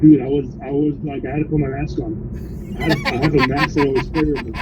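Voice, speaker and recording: A man's voice: mid-range voice, fairly quick, very noisy. A man who drives for a rideshare service, casually telling a wild story from inside his car, quoting his riders and saying "bro" again and again. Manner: animated retelling with constant "bro".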